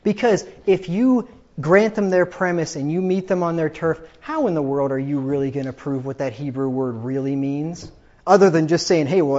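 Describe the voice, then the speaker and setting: A man's voice: high voice, darkish tone, lo-fi sound. Emphatic man preaching a sermon. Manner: emphatic, repetitive, combative preaching. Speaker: pastor.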